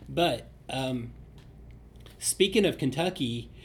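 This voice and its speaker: A man's voice: medium pitch, lively intonation, takes it slowly. A man, a realtor co-hosting a casual chat in an easygoing, conversational way. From Southeast Tennessee. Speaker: realtor and co-host.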